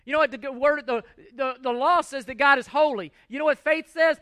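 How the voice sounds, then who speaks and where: Pastor, male, 40s, high bright voice, emphatic sermon delivery with rhetorical questions, dry close sound. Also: fairly quick, hardly any pauses, dry recording.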